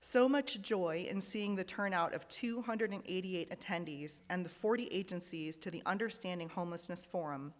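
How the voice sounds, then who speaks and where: Earnest woman reading in an echoing hall. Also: lowish voice. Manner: earnest, reading aloud, emotional at times. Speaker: lay worship leader. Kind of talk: reading joys and sorrows in a service. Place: large fellowship hall.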